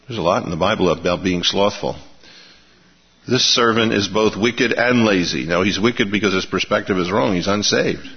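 A low-pitched man preaching in a plain, folksy manner, often asking his listeners rhetorical questions. His voice rings out in a long-reverb hall, and the recording sounds dull and lo-fi. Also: normal speed, slightly rough. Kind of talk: sermon.

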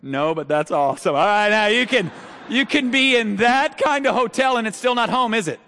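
High-voiced man preaching in a reverberant hall. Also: normal speed, vocal fry. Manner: conversational, asks the crowd rhetorical questions, builds to loud shouted peaks. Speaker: pastor. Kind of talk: sermon. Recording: long reverb of a large hall.

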